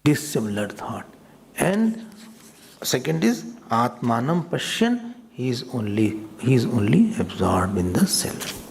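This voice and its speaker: Male swami lecturer, gravelly, slow, talks straight to his class. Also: mid-range voice, sing-song, slight background noise. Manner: repeats words, mixes in Hindi asides; explanatory, addresses listeners directly. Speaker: swami teaching scripture.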